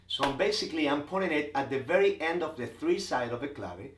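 A man's voice: fairly high pitch, animated, fairly quick, echoey room. A man teaching percussion, explaining step by step and counting beats aloud between drum passages. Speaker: percussion instructor. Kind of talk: instructional demonstration. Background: bongo drums and faint music.

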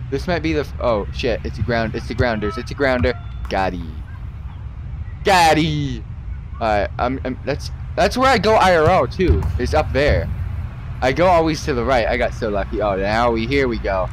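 A young man streaming a football video game live, chatting to viewers, swearing and yelling at misses. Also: medium pitch, moderate pace, a little hiss or hum. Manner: excitable, swears and yells at misses. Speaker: gaming streamer.

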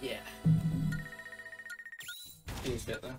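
A young man gaming with a friend, answering in short laid-back replies and dry teasing. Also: extremely slow. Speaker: gamer. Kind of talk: casual gaming chat with a friend. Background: game music.

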